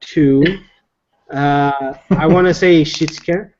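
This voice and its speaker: A man's voice: a little high, steady tone, slow, darkish tone, slight background noise. Man hosting a video-call panel. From Cape Breton, Nova Scotia. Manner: jokey, rambling, with filler. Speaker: show host. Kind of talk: casual panel chat, reading viewer comments. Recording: dull lo-fi web call audio.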